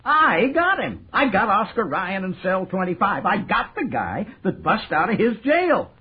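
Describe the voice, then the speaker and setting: A boastful prison governor. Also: male voice, high voice, big pitch swings, moderate pace, slightly rough, full character voice. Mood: gloating. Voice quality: boastful, chuckling, folksy. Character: boastful American prison governor, middle-aged man. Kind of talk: 1940s radio acting. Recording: tinny, hissy old radio broadcast.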